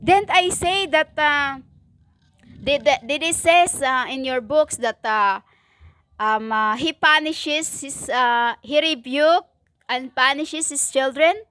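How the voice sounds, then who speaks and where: A woman preaching a stern religious monologue in halting non-native English, with many fillers and emphatic repetition. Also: high voice, fairly bright tone, no echo. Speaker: self-styled prophetic preacher.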